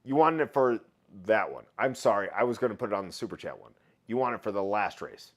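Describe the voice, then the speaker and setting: A man's voice: on the low side, lively intonation, quick pace. A man hosting a casual livestream, chatting loosely, laughing often and reading out viewer comments. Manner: chatty, laughs often, reads chat aloud. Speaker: livestream host.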